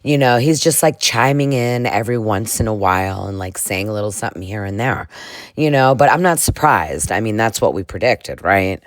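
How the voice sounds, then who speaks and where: A woman's voice: rumbling low, lively intonation, moderate pace, no echo, clean studio sound, pitched below the performer's own voice. A woman imitating a chatty, gossiping female reality-show star. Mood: gossipy. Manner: gossipy, "girl" and "like" talk.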